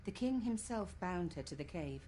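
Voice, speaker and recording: A woman voicing a grave elf woman who recounts events in a solemn, measured way. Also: fairly low pitch, animated, dark tone, lightly acted. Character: grave elf woman telling a sad tale.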